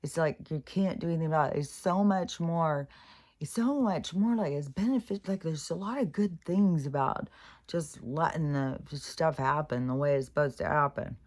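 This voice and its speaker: A woman talking through her thoughts in a casual spoken reflection, halting and rambling, with frequent restarts and swearing. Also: low voice, a little mellow. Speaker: vlogger.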